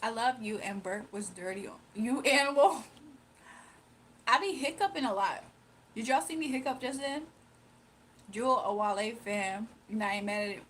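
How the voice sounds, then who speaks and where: Lively intonation and a fairly bright, medium-pitched voice mark this woman, who speaks at normal speed over slight background noise. As a livestream host, she jokes around with viewers, reads their comments and laughs frequently.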